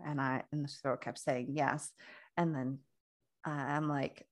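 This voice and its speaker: A woman's voice: low-pitched, little pitch movement, a little slow. A young adult woman co-hosting a casual podcast chat, telling a long story with many restarts and quoted dialogue. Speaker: podcast co-host.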